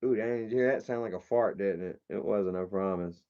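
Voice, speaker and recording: A man's voice: lowish voice, brisk. Rambling man on a muffled stream. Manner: rambling, swears casually, shouts out chat viewers. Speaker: livestream host. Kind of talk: casual livestream chat.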